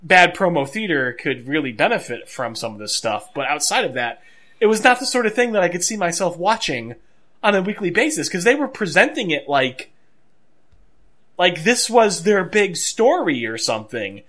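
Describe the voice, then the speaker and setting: A man co-hosting a podcast, telling a story in an animated, wry way and riffing casually. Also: sits high, moderate pace. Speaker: podcast co-host. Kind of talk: casual chat.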